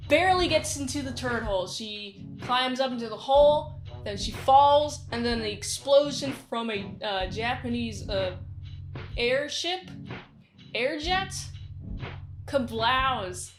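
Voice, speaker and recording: A woman casually recapping a movie in a rambling, excitable way, giggling now and then. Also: a little high, a little slow, over music. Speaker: movie reviewer.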